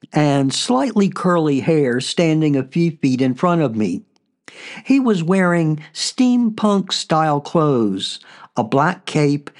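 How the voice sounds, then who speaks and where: A man hosting a podcast, narrating a personal story in a relaxed way with frequent fillers. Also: a little high. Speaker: podcast host.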